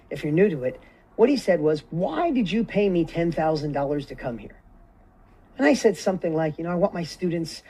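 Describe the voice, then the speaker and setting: A man's voice: fairly high pitch, a little mellow, slightly rough. A middle-aged man giving an emotional, earnest motivational keynote talk, telling a personal story and often restarting his sentences. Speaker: summit speaker.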